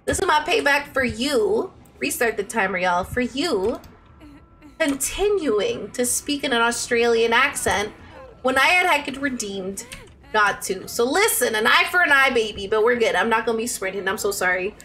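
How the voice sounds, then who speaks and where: A young adult woman streaming a game live, chatting excitably with her viewers and squealing as she plays. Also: a little high, moderate pace. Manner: excitable, squealing, talks to chat. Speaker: Twitch streamer.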